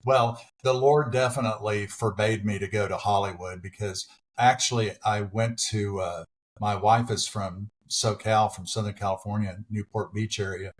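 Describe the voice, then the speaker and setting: A man's voice: on the low side, steady tone, moderate pace. A middle-aged man, an actor and preacher, telling anecdotes with self-deprecating humor as a podcast guest. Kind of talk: casual interview.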